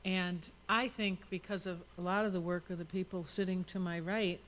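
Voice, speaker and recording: A woman serving as a state senator on a panel, answering in an animated, anecdotal way. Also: lowish voice, moderate pace, slight background noise, rough recording. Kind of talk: panel discussion.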